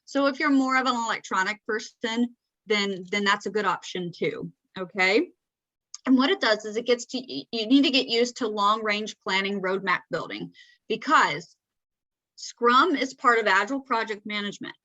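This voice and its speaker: A woman's voice: mid-range voice, normal speed, pushed and bright, dry recording, muffled recording. A woman with a Southern accent giving a conversational talk, often checking in with "right?". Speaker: presenter. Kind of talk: presenting a talk.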